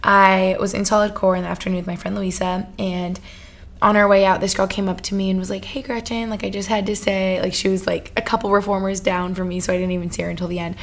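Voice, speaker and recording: A woman's voice: mid-range voice, little pitch movement, quick pace. Twenties woman hosting her own podcast, chatty and gushing, full of "like," prone to tangents. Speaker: podcast host. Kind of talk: casual solo podcast chat.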